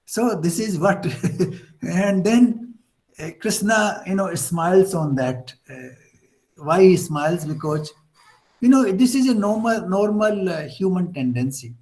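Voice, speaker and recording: A man with an Indian accent, explaining scripture as a spiritual teacher in a thoughtful lecture, pausing often with fillers. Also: high voice, a little mellow, poor audio. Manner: thoughtful, with frequent fillers and restarts.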